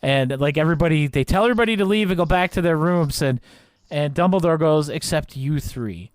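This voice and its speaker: A man's voice: a little high, fast, smooth, no room sound, clean studio sound. A man co-hosting a podcast in casual chat, laughing often and acting out quoted lines. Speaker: podcast co-host.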